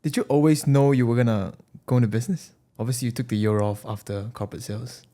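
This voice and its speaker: A man's voice: mid-range voice, steady tone, fast talker, dark tone. A man hosting a podcast, asking curious, probing questions of his guest. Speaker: podcast host. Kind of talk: interview questions.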